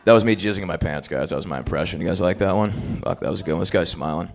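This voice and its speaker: A man's voice: deep voice, very fast, creaky. A man hosting an open mic comedy night, working the crowd with crude, profane banter on a club stage.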